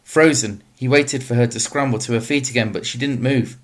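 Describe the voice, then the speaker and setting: A man narrating a children's novel in a steady, measured reading voice. His pitch sits in the middle range for a man, and he paces the story evenly. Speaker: audiobook narrator.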